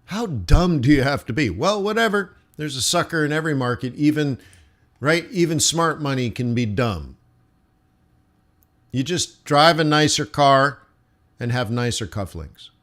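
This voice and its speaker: A man hosting live market commentary, talking in an animated, blunt and mocking way. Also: on the high side, measured pace. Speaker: trading show host.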